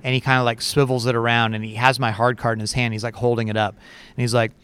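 A man's voice: medium pitch, fast talker, smooth. Chatty man telling a story. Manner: animated, chatty, lots of fillers and laughs. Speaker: podcast co-host. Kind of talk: casual storytelling chat.

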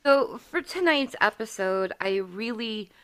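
A woman's voice: fairly high pitch, lively intonation, measured pace, fairly bright tone, clean tone. A woman in her forties hosting a podcast, telling a candid, profane personal story in casual chat. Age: 40s. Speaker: podcast host.

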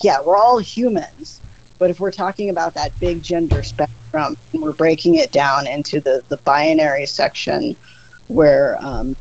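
A mid-pitched voice walking through ideas in a loose, conversational way, stopping and restarting as the thoughts come. The sound is a bit dull and lo-fi, like a modest home recording. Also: gravelly, a little mellow, no echo. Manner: explains at length, thinking aloud with fillers. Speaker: podcast guest. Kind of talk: casual podcast chat.

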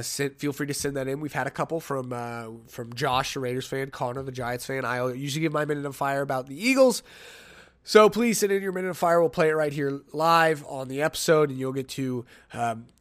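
A man hosting a solo sports podcast, chatting casually, rambling and joking at his own expense as he thinks out loud. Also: mid-range voice. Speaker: podcast host.

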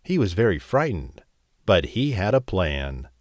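A man narrating a bedtime story in a slow, expressive, gentle way. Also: deep voice, no room sound, studio quality.

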